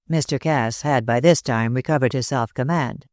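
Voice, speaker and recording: An audiobook narrator reading a classic mystery in a measured, even way. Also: medium pitch, no echo, studio quality. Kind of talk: scripted narration.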